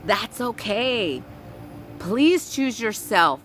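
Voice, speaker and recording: A woman's voice: medium pitch, expressive, unhurried, music in the background. A woman giving a spiritual message to her viewers, blunt and emphatic, swearing freely and repeating her points like a sermon. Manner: repetitive, preachy cadence. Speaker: spiritual reader.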